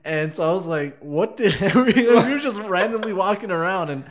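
A man in relaxed conversation who thinks out loud, pausing and reaching for the right phrase. His delivery is easygoing and full of fillers. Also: sits high. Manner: laid-back, hesitant, searches for words with many fillers. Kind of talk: casual podcast chat.

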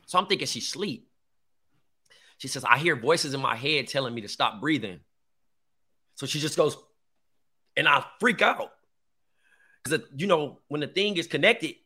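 A man's voice: a little high, very animated, moderate pace, long pauses, pushed and bright, husky. A man in his thirties, a podcast co-host, telling a personal story in casual chat, full of slang and swearing. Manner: candid storytelling, heavy slang and profanity.

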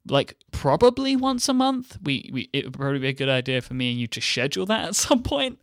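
A man's voice: mid-range voice, fast, no echo. A young man co-hosting a podcast, chatting casually and rambling with dry, joking asides. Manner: rambling, deadpan jokey. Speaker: podcast co-host. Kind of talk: casual banter.

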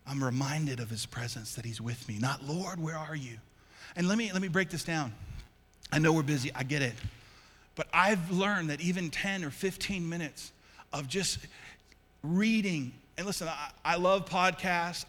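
A man pastor preaches with a high, strikingly bright voice, emphatic and repetitive, pressing his points home and calling on the congregation to answer back. Each phrase rings out into a long church-hall reverb. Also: moderate pace. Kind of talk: sermon. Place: church sanctuary.

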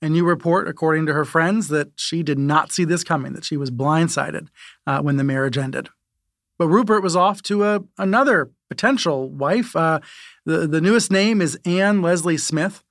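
Higher-voiced man, dry close sound. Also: no echo. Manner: animated, quick, with repeated words. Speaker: media reporter and podcast co-host. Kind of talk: conversational podcast discussion.

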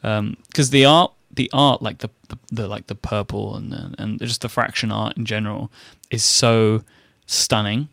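A British man in casual conversation, talking haltingly with dry understatement. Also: fairly low pitch, steady tone, gravelly, a bit bright, no room sound. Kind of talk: casual chat.

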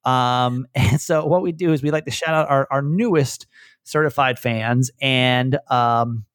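A man's voice: medium pitch, measured pace, no echo, studio quality. A man hosting a podcast, talking with a light Southern American accent in a rambling, self-interrupting way, often chuckling. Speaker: podcast host. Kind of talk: casual podcast chat.

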